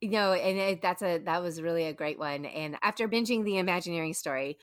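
A woman's voice: on the low side, a little fast, dry recording, studio quality. A woman in her thirties co-hosting a podcast, chatting eagerly with lots of restarts. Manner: chatty, excitable, many restarts. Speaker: podcast co-host. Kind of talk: casual chat.

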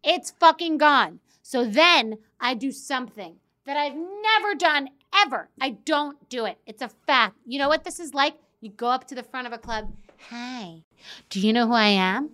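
A woman in her fifties rants to camera in an animated, swearing comedic monologue. Her voice sits high and sounds bright and edgy. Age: 50s. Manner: animated, profane, quick to act out quotes. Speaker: social media personality. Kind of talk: profane comedic rant to camera.

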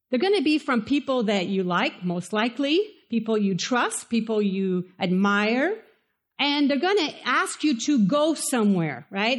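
Woman pastor with a Spanish accent, high voice, chatty and lively sermon delivery. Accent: Spanish-accented English. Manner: conversational and animated, asks the listeners questions.

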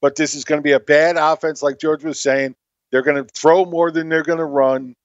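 A man's voice: fairly high pitch, little pitch movement, moderate pace, no room sound. A man co-hosting a fantasy football panel, giving blunt, emphatic opinions. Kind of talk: casual sports chat. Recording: dull lo-fi line.

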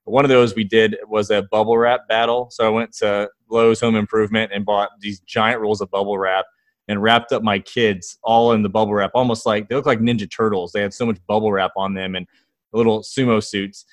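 A man in his thirties, a guest in an interview, telling lively stories about his kids and acting out their quotes. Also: on the low side, brisk, no room sound. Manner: enthusiastic storyteller, acts out quotes. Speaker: guest, fatherhood author and founder. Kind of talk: conversational interview storytelling.

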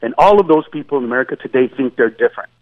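A man's voice: mid-range voice, expressive, racing, no room sound. A man, a comedian guest, telling jokes in an emphatic, stammering way, acting out voices, heard over a tinny phone line. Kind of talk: animated comedic storytelling.

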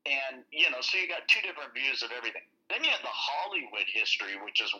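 A man speaking as a podcast guest in a loose, rambling way, full of fillers. His voice is sharp and bright, and the line is muffled and lo-fi. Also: medium pitch, big pitch swings, fast talker. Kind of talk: casual interview chat.

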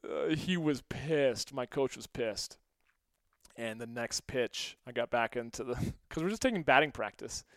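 A middle-aged man hosting a podcast, telling funny stories in a casual monologue and acting out quotes in a higher voice, laughing often. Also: measured pace, dry recording, clean studio sound. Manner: animated, acts out quotes with raised pitch, laughs often. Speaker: podcast host.

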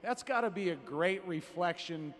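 A male host asks an earnest, wordy question from a convention stage. His voice sits slightly high, and a long hall reverb trails each phrase. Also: animated, moderate pace, fairly bright tone. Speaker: panel host. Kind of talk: onstage interview question.

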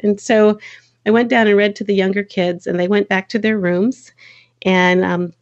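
A woman with a low, gravelly voice tells stories in a relaxed, chatty way. She brightens when she acts out what other people said, and the sound is a bit dull and lo-fi. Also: normal speed. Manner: chatty, animated quoting voices. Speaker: children's book author, guest. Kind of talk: casual interview storytelling.

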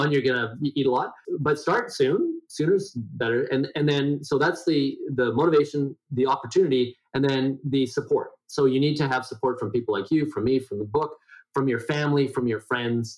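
A middle-aged man with a somewhat nasal voice talks as an interview guest. He rambles through his points with frequent restarts and fillers, at a medium pitch. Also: poor audio. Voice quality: self-described high nasal voice. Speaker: guest health educator. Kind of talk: conversational interview.

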